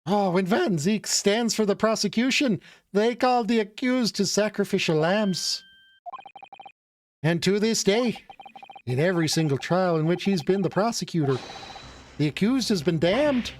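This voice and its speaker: A man's voice: high voice, lively intonation, measured pace, slight background noise. A man voicing a boastful, rich old businessman in a put-on Irish accent that slips toward Canadian, reading game dialogue. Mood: gossipy. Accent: put-on Irish drifting Canadian. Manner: blustering, folksy, theatrical.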